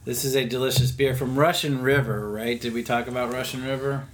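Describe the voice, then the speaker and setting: A man with a mid-range voice hosts a casual podcast from his home, chatting about beer and spinning an animated, playful story. A light hiss of background noise sits under his voice. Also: medium pitch, a little fast. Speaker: podcast host. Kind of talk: casual beer-tasting chat. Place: his own house.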